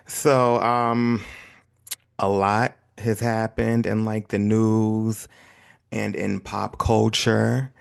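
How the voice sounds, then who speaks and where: A man from the United States hosting his own podcast in a relaxed, chatty, self-deprecating way. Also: fairly low pitch, extremely slow, gravelly. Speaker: podcast host. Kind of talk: casual solo podcast chat.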